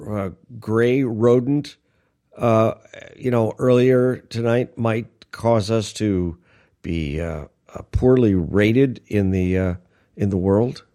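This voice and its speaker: A man's voice: on the low side, slow, mellow. A man co-hosting an aviation podcast, chatting casually and telling stories with many fillers and restarts. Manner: rambling storyteller, many fillers. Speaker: podcast co-host. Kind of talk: casual chat.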